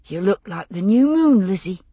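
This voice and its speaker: A woman voicing young twin brothers who speak in hushed, breathy wonder. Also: sits high, very animated, normal speed, dry recording, heavily acted. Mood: awed.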